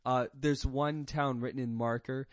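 A man with a mid-range voice, eagerly recapping a movie's plot in relaxed banter. His voice is dry and close to the mic. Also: mid-range voice, measured pace, no room sound. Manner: enthusiastic storyteller, recapping a film. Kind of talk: casual chat.

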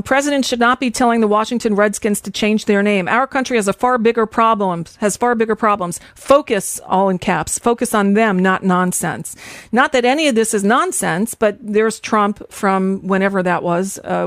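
A woman's voice: medium pitch, no echo, clean studio sound. Woman cohost talking politics, chatty, restarts a lot, mid voice. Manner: conversational, restarts while reading tweets. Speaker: podcast co-host. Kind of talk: casual political chat.

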